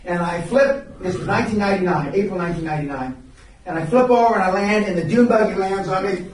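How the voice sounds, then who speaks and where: This older seminar speaker has a high-pitched voice and talks quickly as he tells stories to a live audience. His style is blunt and full of profanity, with frequent stops and restarts mid-sentence. He's captured from a distance in a very echoey room.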